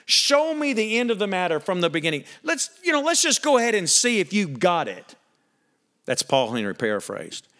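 A man preaching a sermon, animated and emphatic, swinging between loud punchy lines and quiet earnest ones. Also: high-pitched, moderate pace.

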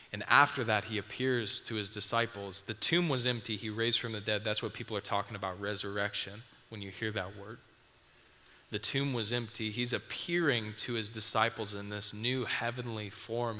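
Low-voiced preacher telling a story in a hall. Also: male voice, bright, forceful tone. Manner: vivid storytelling, speaking to the audience. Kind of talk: sermon. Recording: long hall reverb, faint noise.

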